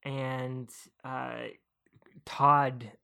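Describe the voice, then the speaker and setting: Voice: medium pitch, level tone, extremely slow, gravelly, pushed and bright, clear, resonant tone. A podcast co-host casually recapping a movie's plot, chatty with wry asides.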